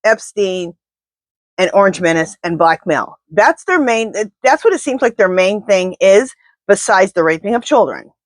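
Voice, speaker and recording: A tarot reader gives a casual reading to camera, addressing her spirit guides in a blunt, indignant way. Her voice is medium-pitched, with no echo.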